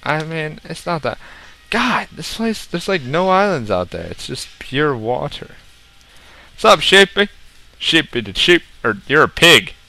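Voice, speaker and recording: A young man casually commenting on his own gameplay, rambling and joking, with sudden loud outbursts. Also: fairly high pitch, very animated, measured pace, vocal fry. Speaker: gaming video host.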